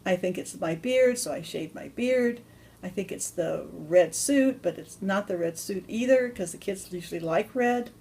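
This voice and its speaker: A woman's voice: medium pitch, animated, dark tone, breathy edge. Woman telling of a downcast old Santa. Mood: glum. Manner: halting, plain-spoken. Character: sad, gentle old male Santa Claus. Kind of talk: told storytelling.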